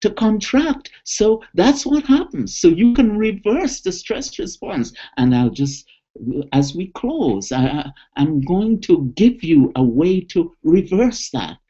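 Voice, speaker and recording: A man leads a stress-relief webinar, coaxing and enthusiastic. His voice is mellow and a bit husky, and it rises and falls a lot. The audio is dull and lo-fi, like an old webinar recording. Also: high voice, big pitch swings. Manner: enthusiastic, coaxing, slow and deliberate. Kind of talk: motivational talk with guided relaxation.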